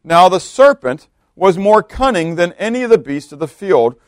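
A man's voice: high voice, big pitch swings, moderate pace, no echo, studio quality. A male pastor giving a conversational sermon, often stopping to ask his listeners questions and reading scripture aloud. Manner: conversational preaching with repeated rhetorical questions.

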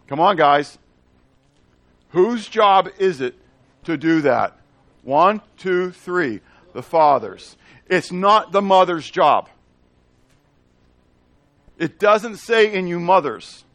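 A man's voice: fairly high pitch, fairly bright tone, no room sound. A man giving a Bible teaching in a conversational way, checking in with the audience and asking them questions. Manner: asks the audience questions and repeats phrases.

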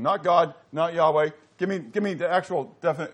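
Animated male Bible teacher quizzing class. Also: on the high side, brisk. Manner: animated, quizzes the audience, rising to loud emphasis.

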